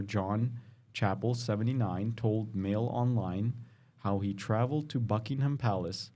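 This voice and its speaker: A man's voice: lowish voice, warm tone. A man co-hosting a podcast, casually reading a news story aloud and often stumbling and correcting himself. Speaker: podcast co-host.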